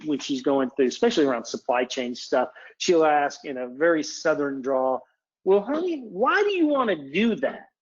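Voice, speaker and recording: Chatty man presenting a webinar. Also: a little high. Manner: chatty, digressive, self-interrupting. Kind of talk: casual conference presentation. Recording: dull lo-fi webinar audio.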